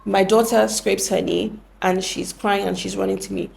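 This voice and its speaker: A woman's voice: medium pitch, flat delivery, normal speed, vocal fry, a little mellow, slight background noise. A young woman hosting a podcast, explaining things earnestly and often correcting herself mid-sentence. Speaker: podcast host. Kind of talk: reflective podcast talk.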